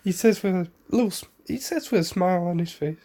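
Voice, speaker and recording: A man's voice: high-pitched, quick pace, dark tone. A man casually retelling a fan story, rambling with fillers, self-corrections and the odd cough.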